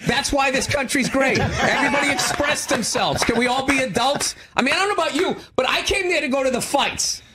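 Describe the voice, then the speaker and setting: A man's voice: very high-pitched, brisk, hardly any pauses, heavy background noise. A man as a talk show guest, talking in a sarcastic, blunt way. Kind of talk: casual chat.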